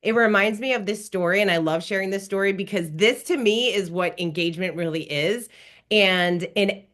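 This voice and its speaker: A woman's voice: medium pitch, moderate pace. A woman guest on a business podcast who speaks with enthusiasm and tells anecdotes. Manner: enthusiastic, animated when retelling dialogue. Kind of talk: conversational interview storytelling.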